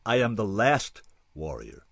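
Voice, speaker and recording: A man's voice: on the low side, big pitch swings, measured pace, gravelly, no echo, studio quality, heavily acted. A man voicing a hulking, bitter male space warrior who speaks in blunt threats. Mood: grim.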